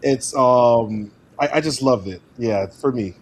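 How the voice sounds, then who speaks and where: A man, an actor, speaking as a guest in a casual podcast interview, animated and laughing as he talks. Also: medium pitch, slow, a little hiss or hum. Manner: animated, laughs while talking.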